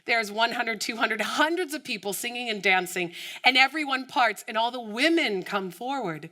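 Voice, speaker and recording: A woman from the United States giving an inspirational keynote talk, telling her story with animated storytelling and acting out the voices of the people in it. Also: medium pitch, moderate pace. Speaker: keynote speaker.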